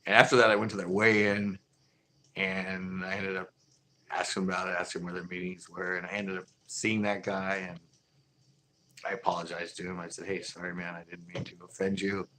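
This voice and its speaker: Easygoing guy host, fairly low voice, casual storyteller who laughs a lot; faint background hum. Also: level tone, moderate pace, pushed and bright, rough recording. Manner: laid-back, laughs often, acts out quoted arguments. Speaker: fishing channel host.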